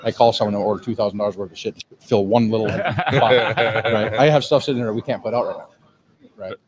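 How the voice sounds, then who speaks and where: A man's voice: lowish voice, steady tone, fast talker, crowd noise, rough recording. A man, a cigar lounge owner telling a rambling, profane, self-mocking story in a lounge. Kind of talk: casual storytelling.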